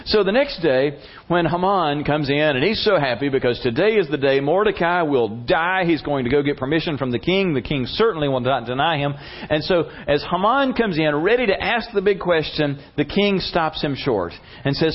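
A man preaching a sermon, retelling a story in an animated, conversational way. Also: a little high, moderate pace. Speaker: pastor. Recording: dull lo-fi recording.

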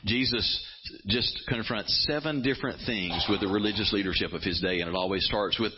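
A man's voice: lowish voice, a little fast, highs cut off, noisy background. A man preaching a sermon as a pastor, quoting scripture dramatically and building intensity as he talks.

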